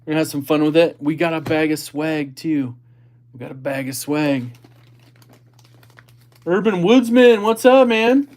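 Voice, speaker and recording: A man's voice: a little high, a little slow, pauses often, a little mellow. A man hosting a casual livestream, chatting about gear and reading viewer comments aloud. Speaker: livestream host.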